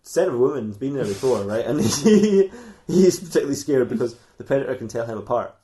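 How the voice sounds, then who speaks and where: A man's voice: medium pitch, big pitch swings, brisk, over a noisy crowd. A man co-hosting a comedy podcast, telling a silly fan fiction story in a rambling way and laughing often at his own jokes.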